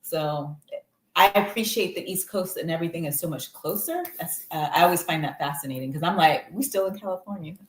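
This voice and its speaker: A woman co-hosting in casual chat, chatty and easygoing, quick to laugh. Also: lowish voice. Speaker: co-host. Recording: roomy echo.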